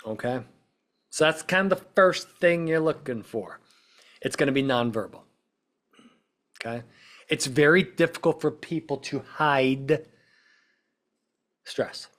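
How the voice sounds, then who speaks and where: A man with a mid-range voice talks through his points in a loose, conversational podcast style. He keeps checking in with "right?" and "okay?", and now and then acts out quick snippets of what someone might say. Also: mid-range voice, fairly bright tone. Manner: acts out quoted speech in short bursts. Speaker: podcast host, witness-prep consultant. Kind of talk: casual explanatory podcast talk.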